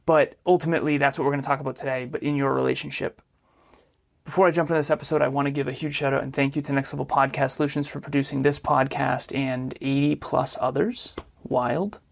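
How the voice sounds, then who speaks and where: A man's voice: mid-range voice, little pitch movement, quick pace, vocal fry. A man co-hosting a relationship podcast in upbeat, enthusiastic casual chat. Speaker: podcast co-host.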